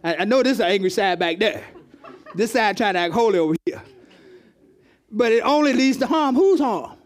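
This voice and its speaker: High-voiced pastor talking with his church. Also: expressive, brisk. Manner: conversational, calls on the congregation, repeats words. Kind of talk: interactive sermon teaching. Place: church hall with congregation.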